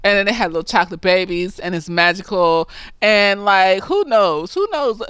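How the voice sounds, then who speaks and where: A young woman, slightly tipsy, recapping a TV episode in animated, profane chat and laughing often. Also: medium pitch, moderate pace, smooth, no echo. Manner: animated, laughs often, acts out lines from the scenes. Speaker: TV episode reviewer.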